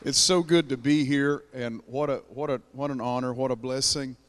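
A man's voice: mid-range voice, fairly even intonation, normal speed, a little hiss or hum. A middle-aged man with an Appalachian accent, opening a sermon as guest preacher and calling the crowd to praise. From mountains of Virginia. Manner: exuberant, calls for praise.

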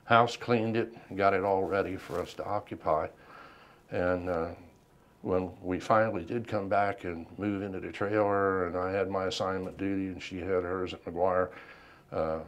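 Older male veteran interviewee, very low voice, measured reflective delivery. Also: fairly even intonation. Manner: unhurried, reflective, many ums and pauses. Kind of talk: oral history interview.

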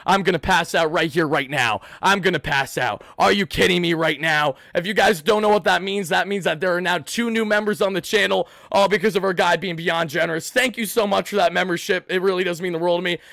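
A man hosting an emotional postgame livestream, shouting with excitement and fighting back tears. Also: high-pitched, brisk, gravelly, hardly any pauses, no room sound. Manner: excitable, shouting, swings between yelling and hushed emotion. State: close to tears. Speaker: sports fan livestream host.

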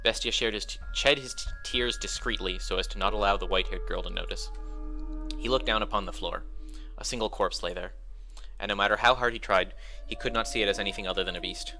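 Sex: man. Role: let's play host. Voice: low and very bright. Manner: steady reading with small slips. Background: faint music. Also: fast talker, poor audio. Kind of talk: reading narration of a visual novel.

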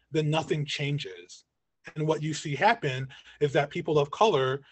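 Over a dry, close video call mic with no room echo, a man gives an online lecture as a community educator and guest speaker. His earnest, slightly high voice keeps checking in with a quick "right?", and it wears thinner as he loses it.

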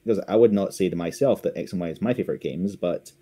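A man's voice: sits low, fast, warm tone. A man chatting on a podcast, rambling and hesitant with frequent laughs. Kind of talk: casual podcast chat.

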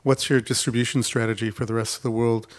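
A man holds forth on an investor panel at a festival, mid-pitched and conversational. He tells his points as stories and breaks into acted-out quotes along the way. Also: fast. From United States. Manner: animated storytelling, acting out mock quotes. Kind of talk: panel discussion. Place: festival stage.

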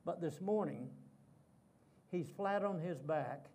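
A man's voice: a little high, expressive, slow pace, a little mellow, breathy edge. A man giving a sermon as a guest preacher in a church, telling a story dramatically and repeating key phrases.

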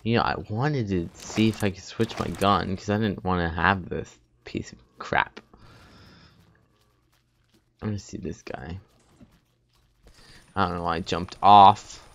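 A man giving let's play commentary, muttering and humming to himself as he plays, with sudden loud excited outbursts. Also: deep voice, measured pace, gravelly, pauses often, a little hiss or hum. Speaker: gaming video host.

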